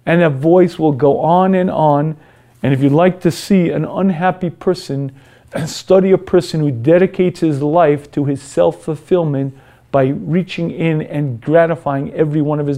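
A man teaching a moral lecture in an earnest, storytelling way, often clearing his throat. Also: on the high side, mellow.

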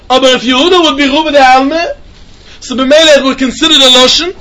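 Fast-talking male Talmud teacher, singsong back-and-forth reasoning. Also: extremely high pitch, expressive, sharp tone. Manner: sing-song questioning, repeats phrases, mixes Yiddish and Hebrew terms. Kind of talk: yeshiva-style Talmud lesson.

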